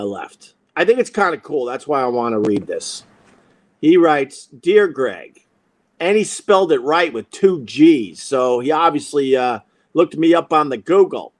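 Animated, high-pitched male storyteller. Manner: animated, acts out other people's lines, profane. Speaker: talk show host. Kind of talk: casual storytelling monologue.

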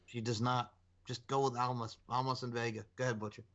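A man's voice: medium pitch, little pitch movement, quick pace, fairly bright tone. Easygoing man on a dull muffled mic. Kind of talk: casual chat, wrestling predictions.

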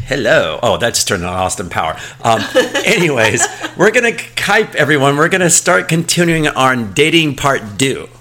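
A man's voice: medium pitch, big pitch swings, moderate pace, few pauses, sharp tone. A man co-hosting a relationship podcast in a casual, playful, joking chat. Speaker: podcast co-host.

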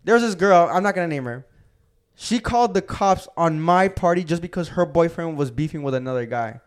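A young man tells wild party stories on a casual podcast, swearing freely and saying "bro" again and again. His voice sits a little high and sounds smooth and clear. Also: brisk. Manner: profane, animated storyteller, says "bro" a lot. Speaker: podcast co-host. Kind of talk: casual storytelling chat.

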